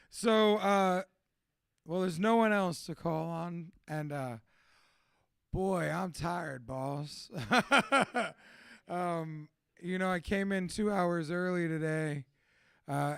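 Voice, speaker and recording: A man's voice: fairly high pitch, gravelly, no echo. Young male MC, casual and profane, raised voice, dry close recording. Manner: rambling, profane, laughs often. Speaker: event host and MC. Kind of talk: casual closing remarks to a live audience. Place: tattoo shop event space.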